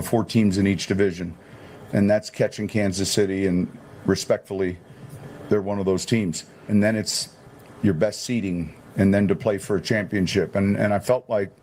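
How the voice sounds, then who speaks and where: A man speaking as a football coach at a press conference, with a fairly low voice. He answers in a halting, deliberate way. Faint noise sits under the clip. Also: darkish tone.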